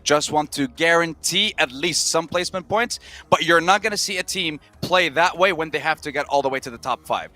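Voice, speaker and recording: A man explaining team strategy at an esports desk in an energetic way. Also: fairly high pitch, a little fast. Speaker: desk analyst. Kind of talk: esports analysis.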